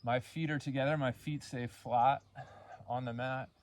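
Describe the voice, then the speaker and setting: A man leading a yoga class, cueing poses and breaths in a calm, unhurried way and counting the holds. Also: mid-range voice. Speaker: yoga instructor. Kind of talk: guided yoga class instruction.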